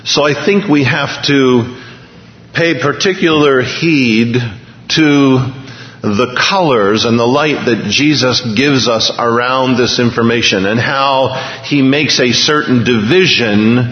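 Reading news stories aloud in an earnest, conversational sermon, a male pastor speaks slowly at a medium pitch. His congregation hears him through a lo-fi recording with a long hall reverb.

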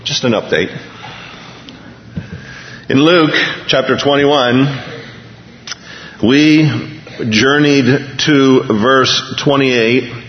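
A pastor delivers a conversational sermon, earnestly reading news items aloud to his congregation in a medium-pitched voice that moves very slowly with frequent pauses. The lo-fi recording has a long hall reverb.

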